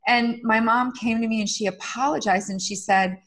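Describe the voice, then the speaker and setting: A woman's voice: fairly high pitch, steady tone, normal speed, a bit bright. A middle-aged woman guest on a podcast interview, talking candidly and earnestly, with frequent fillers. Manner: earnest, confessional, uses many fillers.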